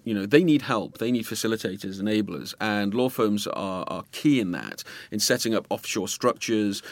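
Low-pitched male journalist, measured and deliberate, dry studio sound. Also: no echo. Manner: measured, restarts phrases. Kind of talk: casual discussion.

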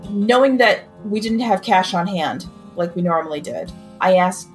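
A woman's voice: medium pitch, unhurried, faint music behind. A woman recounting a personal ordeal in an interview, acting out what others said. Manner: expressive, acts out quoted voices.

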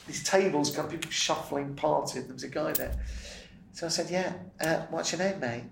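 A middle-aged man with a British accent, a comedian guest telling an animated anecdote in casual chat. He laughs freely and swears often. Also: on the high side, normal speed, creaky. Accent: British English. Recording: roomy and distant with faint noise.

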